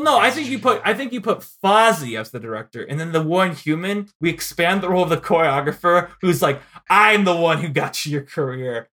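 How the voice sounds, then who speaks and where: A man co-hosting a podcast, chatting casually about old movies with lots of fillers and quick laughs. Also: fairly high pitch, a bit bright. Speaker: podcast co-host. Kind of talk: casual film discussion.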